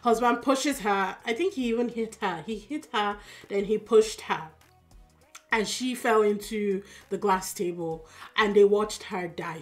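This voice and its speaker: A woman with a Yoruba-accented lilt talks through a drama episode in a loose, chatty recap. She sounds tired but stays expressive, with plenty of fillers and asides along the way. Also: medium pitch. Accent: Yoruba-accented English. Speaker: drama reaction YouTuber. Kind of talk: casual recap.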